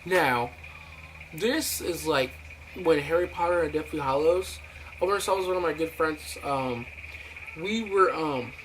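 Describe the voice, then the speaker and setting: Speaking slightly slowly in a somewhat bright, slightly high voice, this young man vlogs a meandering, foul-mouthed story. He leans on fillers and performs the quotes, and the home recording is noisy.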